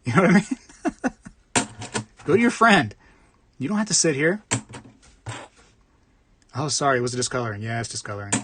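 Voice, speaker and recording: A man's voice: mid-range voice, lively intonation, moderate pace, pauses often, a bit bright, a little hiss or hum. A man hosting a casual livestream from the United States, rambling while he reads comments, repeating himself and laughing often. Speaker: coin roll hunting livestream host.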